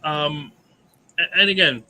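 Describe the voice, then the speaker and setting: A man's voice: a little high, takes it slowly, sharp tone, rough recording. Felle, enthousiaste man die praat over spellen. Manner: eager, rambling, many restarts. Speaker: indie game designer. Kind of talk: casual convention panel chat.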